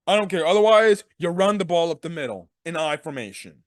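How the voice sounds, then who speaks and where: A man's voice: on the high side, lively intonation, brisk, no echo, clean studio sound. A man hosting a sports talk show, ranting through a game recap with exasperated rhetorical questions. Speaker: sports podcast host.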